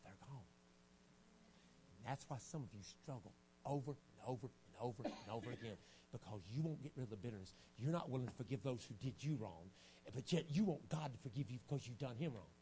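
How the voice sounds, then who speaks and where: A man preaching a revival sermon in a church, folksy and animated, acting out little stories as he goes. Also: mid-range voice, brisk, noisy background. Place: church sanctuary.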